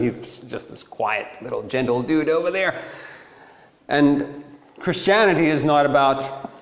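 A man giving a casual, animated Bible teaching sermon, talking in a conversational way and repeating key phrases for emphasis. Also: mid-range voice. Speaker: preacher teaching through a Bible letter. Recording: echoey hall with long reverb.

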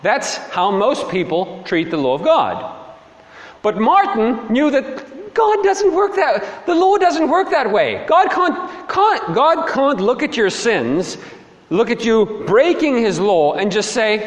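A man preaching a sermon as a dramatic storyteller, swinging between hushed and emphatic. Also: extremely high pitch, sing-song, takes it slowly. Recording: long hall reverb.

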